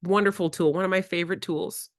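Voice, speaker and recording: A woman presenting a workshop to educators, animated and acting out conversations with children. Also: lowish voice, fast, no room sound, clean studio sound. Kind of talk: workshop lecture. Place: in-person workshop.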